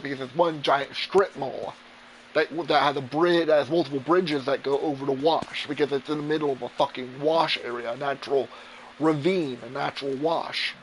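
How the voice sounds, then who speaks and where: A man's voice: medium pitch, slight background noise, poor audio. A man streaming a flight game, telling a long profane story in a rambling, casual way. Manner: profane, rambling, animated retelling. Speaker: gamer streamer. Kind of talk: casual storytelling over gameplay.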